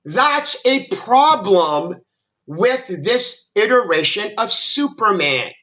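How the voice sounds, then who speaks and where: A man with a high, bright voice rants about a movie, exasperated and emphatic. His pitch swings widely as he talks, and he keeps stumbling and restarting his sentences. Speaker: film commentary YouTuber. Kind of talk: ranting movie critique monologue.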